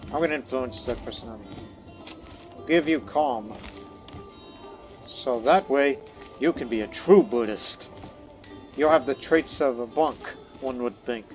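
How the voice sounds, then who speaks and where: A man's voice: medium pitch, normal speed. Man narrating a strategy game playthrough. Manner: reads event text aloud in first person, then muses. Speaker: gameplay commentator. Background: faint background music.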